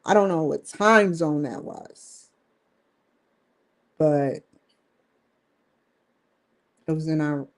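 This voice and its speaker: A woman's voice: deep voice, drawn-out words, pauses often. A woman hosting her own livestream show, rambling and joking between topics, often breaking into laughter. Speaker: host. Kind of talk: casual livestream chat.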